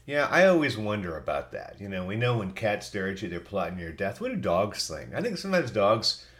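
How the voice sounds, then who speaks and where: A middle-aged man hosts a podcast alone and reads out listener answers. He has a cold and talks in a chatty, folksy way with asides. His voice sits a little low. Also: sing-song, a little fast, fairly bright tone. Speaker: podcast host. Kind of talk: casual solo podcast reading listener answers.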